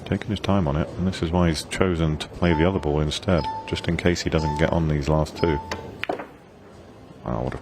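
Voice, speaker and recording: Very deep-voiced male pool commentator. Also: steady tone, fairly quick, background noise. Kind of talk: live sports commentary.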